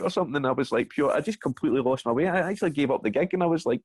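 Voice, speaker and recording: A Scottish man with a mid-pitched voice tells stand-up stories as a podcast guest, cursing and laughing along with his own anecdotes. The sound is dry and close, with no room echo. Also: quick pace, husky. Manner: animated storyteller, swears and laughs through anecdotes. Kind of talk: casual podcast chat over a video call.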